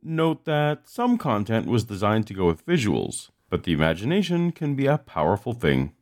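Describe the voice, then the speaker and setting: A man's voice: on the low side, very animated, moderate pace, darkish tone. A man hosting a podcast, giving dry, mocking commentary over video clips. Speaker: podcast host.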